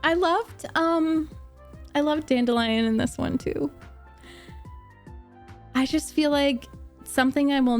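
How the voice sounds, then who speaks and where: A young woman streamer chatting casually with live viewers, gushing, animated and laughing often as she answers their comments. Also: fairly high pitch. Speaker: streamer reacting to a book series.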